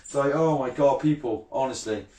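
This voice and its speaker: A man's voice: medium pitch, moderate pace, warm tone, echoey room. A brash man in his thirties, ranting bluntly and swearing freely in a casual vlog, often laughing. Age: 30s. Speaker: fishing channel vlogger.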